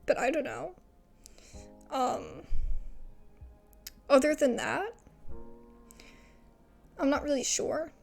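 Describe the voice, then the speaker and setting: A woman's voice: sits high, animated, slow, gravelly, pauses often, a little mellow, soft background music. A young woman casually commenting on a story game as she plays, thinking aloud and often second-guessing herself. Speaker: gamer playing a story game.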